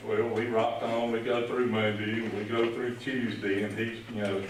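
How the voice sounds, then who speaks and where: A middle-aged man, a retired police officer, offers a retirement tribute in the form of a rambling, folksy story, speaking at normal speed in a lowish voice with little pitch movement. The large ceremony room echoes, he stands far from the mic, and there's noise in the background.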